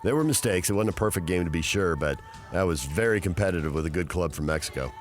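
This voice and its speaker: Low-voiced male sports radio host. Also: animated, soft background music. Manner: measured, informative. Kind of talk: sports radio hosting and reads.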